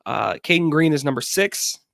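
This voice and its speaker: Halting young man on a sports podcast. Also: a little high, animated, vocal fry, fairly bright tone, dry recording, studio quality. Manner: halting, many fillers. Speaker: podcast co-host. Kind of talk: casual sports chat.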